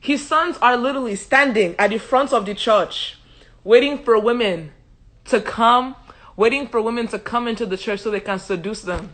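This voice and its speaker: Give me a joking, animated woman host retelling scripture casually, with a bright voice. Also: a little high, normal speed. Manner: animated, joking, laughs often, slangy asides. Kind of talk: casual Bible reading and commentary on a livestream.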